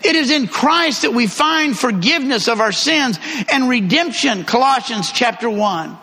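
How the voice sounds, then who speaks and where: High, bright-voiced preacher in a hall. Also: male voice, normal speed, breathy edge. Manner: storytelling, lively, emphatic repetition. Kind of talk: sermon with personal story. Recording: long hall reverb.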